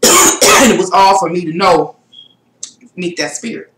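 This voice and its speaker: A woman's voice: unhurried, roomy sound, heavy background noise. A middle-aged woman vlogger telling a spiritual story in a rambling, casual monologue. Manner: rambling, with shrill exclaimed self-quotes.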